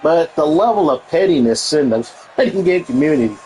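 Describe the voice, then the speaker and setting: A man's voice: fairly high pitch, animated, a little fast, dark tone, a little hiss or hum, poor audio. A man streaming and chatting casually, blunt and profane, who laughs often and reads and answers his live chat.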